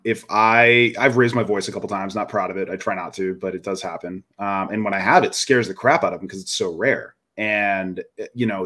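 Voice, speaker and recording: A man's voice: fairly low pitch, a bit bright. A man in his thirties, a podcast co-host, talking earnestly and reflectively in casual chat.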